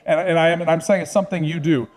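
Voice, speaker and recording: A dog trainer speaking to an audience, confident, direct and persuasive. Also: male voice, on the high side, steady tone, rapid-fire, darkish tone. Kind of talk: talk to an audience.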